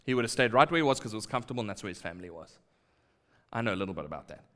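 A man preaching a sermon, acting out quoted lines and dropping to quiet asides. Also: on the low side, animated, rapid-fire. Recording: long hall reverb.

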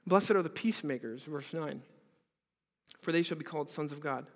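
A male pastor preaches an earnest sermon at a church service, asking lots of rhetorical questions and swinging between loud and hushed delivery. His voice is fairly high and his pace moderate, and the recording has the echo of a reverberant hall.

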